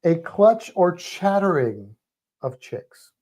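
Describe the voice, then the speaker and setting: A man co-hosting a livestream, chatting casually and rambling with fillers. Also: high-pitched. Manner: relaxed, rambling, halting with fillers. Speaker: livestream co-host. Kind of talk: casual chat.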